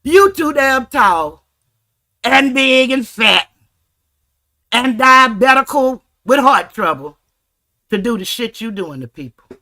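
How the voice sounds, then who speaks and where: A woman's voice: on the high side, lively intonation, slow, long pauses, bright, forceful tone. A woman, hosting a livestream and ranting angrily with heavy profanity. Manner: angry, profane, confrontational. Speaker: livestream host.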